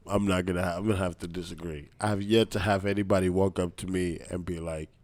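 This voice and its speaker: A young man co-hosting a podcast, chatting casually with friends, animated and teasing, laughing often. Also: deep voice, fast talker, dry recording. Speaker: podcast co-host. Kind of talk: casual chat.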